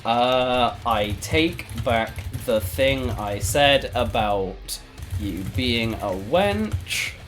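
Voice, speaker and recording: A man streaming a text adventure game, reading it aloud and reacting with sudden loud outbursts. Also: mid-range voice, expressive, extremely slow. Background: faint background music.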